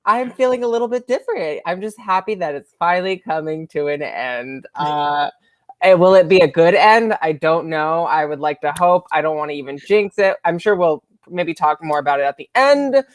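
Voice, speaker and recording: A man's voice: on the high side, animated, moderate pace, dry recording. A man co-hosting a recap show, chatting casually in a wry, dramatic way and repeating phrases for effect. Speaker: co-host. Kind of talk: casual chat.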